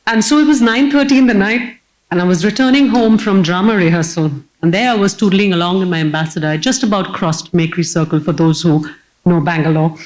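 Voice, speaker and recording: A woman, giving a humorous personal storytelling talk as keynote speaker on stage before a live audience, lively and self-mocking. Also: fairly low pitch, brisk, poor audio.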